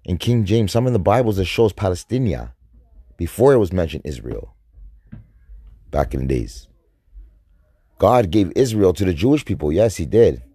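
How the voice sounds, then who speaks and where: A North American vlogger rants to his viewers in an agitated, profane stream of consciousness to camera, rambling and repeating himself while drinking and smoking. His low, dark, slightly rough voice has a sing-song quality, moves at normal speed and pauses often. The recording is dry and studio quality.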